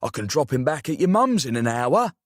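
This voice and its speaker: A man's voice: medium pitch, very animated, fairly quick, dry recording, clean studio sound. A man voicing a brash, teasing middle-aged uncle with a South London accent. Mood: coaxing. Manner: cheeky, teasing.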